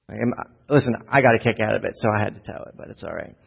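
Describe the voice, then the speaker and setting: A man's voice: fairly low pitch, fairly even intonation, quick pace, vocal fry, husky, muffled recording. A man giving a sermon as a pastor, talking in a casual, conversational way and putting questions to the congregation.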